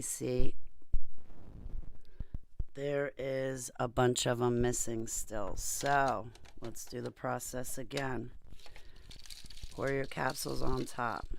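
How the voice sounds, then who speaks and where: A woman's voice: very deep voice, flat delivery, takes it slowly, vocal fry, pauses often, a little hiss or hum. A woman vlogger chatting to viewers and telling a story while she works at a desk mic. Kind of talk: casual chat while filling capsules.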